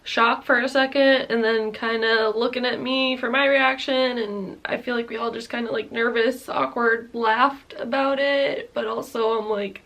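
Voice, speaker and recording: Gravelly-voiced woman telling a candid story. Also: a little high, unhurried, a bit bright. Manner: rambling, many "like"s, swears, nervous laughs. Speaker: vlogger.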